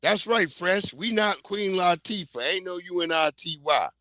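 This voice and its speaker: Heated New man, high bright voice. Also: moderate pace, no echo. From New York. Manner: blunt, heated, profane street talk. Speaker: livestream host. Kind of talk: casual ranting commentary.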